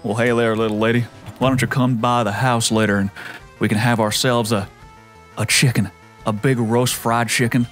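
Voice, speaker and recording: A man doing a flirtatious Southern rock-and-roll crooner impression with a low drawl. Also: flat delivery, brisk, few pauses, fairly bright tone, soft background music, natural voice. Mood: crooning, flirty.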